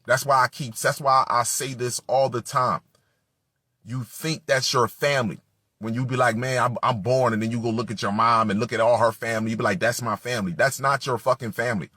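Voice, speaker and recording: A man giving an impassioned, profane preaching monologue that builds to shouting. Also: mid-range voice, steady tone, brisk, no room sound, studio quality. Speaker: spiritual speaker.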